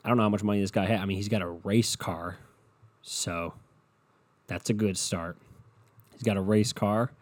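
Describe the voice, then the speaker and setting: In bed at home with his dog, a young man hosts a casual solo podcast through a home podcast mic, drifting from topic to topic and swearing with sardonic edge. His voice is on the low side, with fairly even intonation, a moderate pace, and frequent pauses.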